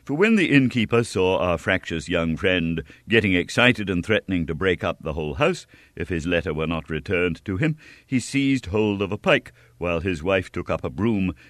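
A man narrates an adventure audiobook in a deep voice with wide, lively swings of pitch. The recording is close and dry, with no room sound. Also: no room sound. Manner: lively, expressive storytelling.

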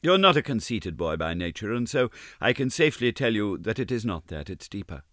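A man's voice: lowish voice, big pitch swings, fairly quick, fairly bright tone, no echo, studio quality, voice pushed up. A male audiobook reader voicing a proud, poised young woman who speaks in a cool, reproving, lightly playful way. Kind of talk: audiobook character reading.

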